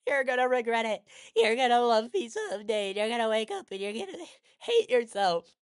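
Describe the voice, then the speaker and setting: A man voicing a heartbroken teenage girl desperately pleading for love in a high falsetto. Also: very animated, moderate pace, clean tone. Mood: wailing.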